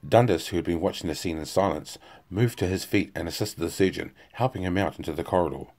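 A man reading a fantasy novel aloud in a steady, measured way, with plain narration. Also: low-pitched. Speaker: audiobook reader. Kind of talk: audiobook narration. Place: home.

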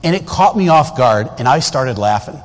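In a mid-range, animated voice at normal speed, a guest preacher in his fifties shares a storytelling sermon. He keeps it folksy and conversational with frequent remarks to the congregation, and the large sanctuary produces a long church hall reverb.

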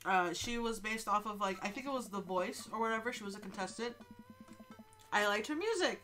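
A woman's voice: mid-range voice, a little fast. A sick, stuffed-up young woman streaming a game live, joking and swearing as she talks. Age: young adult. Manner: animated, joking, swears a lot. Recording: faint game music behind.

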